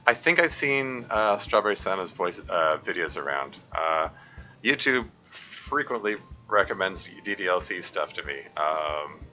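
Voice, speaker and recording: A man streaming a game live, reading messages aloud and answering chat in a rambling, halting way. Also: low voice, very animated, pushed and bright, muffled recording, soft background music. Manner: rambling, halting, full of restarts.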